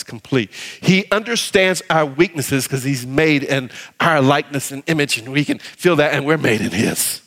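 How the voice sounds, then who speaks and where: A man preaching a sermon as pastor, animated, acting out little voices in his quotes, then dropping low and soft to read scripture. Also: long reverb tail. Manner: drops to a low soft voice when reading scripture.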